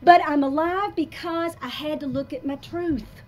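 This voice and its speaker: A woman around sixty gives a live motivational talk to an audience in a coffee shop. Her high-pitched voice moves at a measured pace, emphatic and confessional, swinging between soft and loud.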